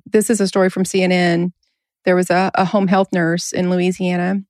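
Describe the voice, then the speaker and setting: A woman's voice: lowish voice, level tone, normal speed, darkish tone, no echo, studio quality. A woman hosting a casual podcast, talking earnestly and laughing often. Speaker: podcast host.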